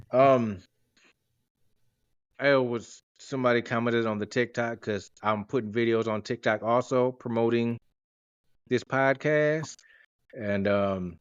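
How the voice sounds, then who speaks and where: In a fairly low voice, a man in his 40s hosts a podcast, casually joking his way through rambling stories. There's no room sound, and the lo-fi audio comes across dry and dull.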